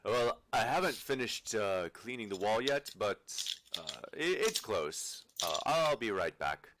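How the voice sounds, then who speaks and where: A man voicing a polite, modest male temple follower, speaking haltingly. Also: fairly low pitch, expressive, a bit bright, a little hiss or hum. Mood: earnest. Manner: halting, filler-laden speech.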